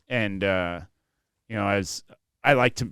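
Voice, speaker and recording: A man's voice: on the low side, unhurried, fairly bright tone, smooth, dry recording, studio quality. A young man co-hosting a podcast, telling a childhood story in a laid-back, laughing, profane way. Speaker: podcast co-host. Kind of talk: casual chat.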